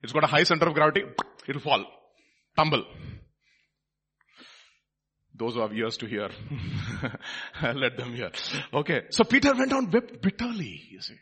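A male preacher delivers a lively sermon. His voice is bright and a little husky, with a wide, expressive pitch range. He moves between forceful emphasis and hushed, quiet asides. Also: normal speed.

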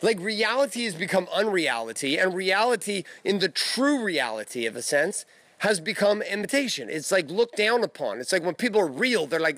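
A man's voice: high voice, animated, a little fast, fairly bright tone. A man in his thirties talking blunt and profane in a casual monologue, recorded in his backyard. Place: backyard outdoors.

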